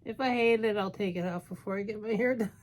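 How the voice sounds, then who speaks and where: A woman in her fifties chatting casually through a makeup tutorial, joking at her own expense as she works. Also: fairly high pitch. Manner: chatty, self-mocking, thinking aloud while applying makeup. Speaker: beauty vlogger.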